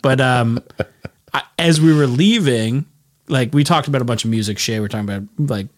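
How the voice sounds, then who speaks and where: A man's voice: mid-range voice, brisk. A young man from Canada co-hosting a podcast, telling rambling stories in casual chat with plenty of swearing. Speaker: podcast co-host.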